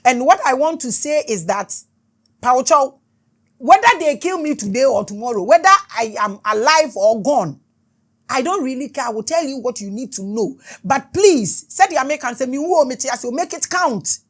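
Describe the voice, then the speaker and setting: A woman's voice: high voice, expressive, normal speed. A middle-aged Ghanaian woman hosting a spiritual talk show, speaking in an impassioned, repetitive, declaiming way. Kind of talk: spiritual talk mixing English and Twi.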